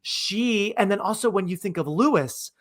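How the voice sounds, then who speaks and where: A man's voice: high-pitched, lively intonation, moderate pace. A man hosting a podcast in casual chat, rambling and thinking aloud with lots of fillers. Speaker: podcast host.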